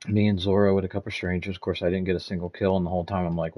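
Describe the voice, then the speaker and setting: A man's voice: deep voice, fairly even intonation, very fast, gravelly, few pauses, lo-fi sound. A man in his fifties streaming a game, ranting and swearing as he tells stories in casual chat. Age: 50s. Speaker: gaming streamer.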